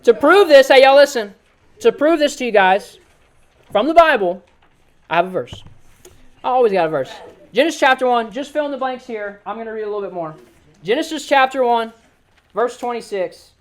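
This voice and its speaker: A man giving an animated, joking sermon to a youth group as youth pastor, often telling the crowd to listen. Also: very high voice, brisk. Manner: casual everyday slang.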